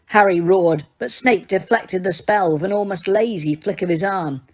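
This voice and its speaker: A woman narrates a fantasy novel as an audiobook. Her delivery is steady and dramatic, at a middle pitch for a woman. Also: moderate pace, few pauses. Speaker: audiobook reader.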